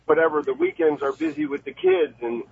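A man's voice: extremely high pitch, huge pitch swings, a little fast. A man in his forties calling in to a radio show, telling his story in a friendly, chatty way. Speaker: caller. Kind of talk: casual call-in story. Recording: husky tinny phone line.

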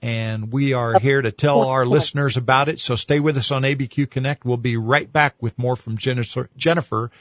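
A man's voice: medium pitch, steady tone, a little fast, few pauses, highs cut off. A man hosting a radio talk show, giving short affirmations and then reading a plain promo. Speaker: radio host.

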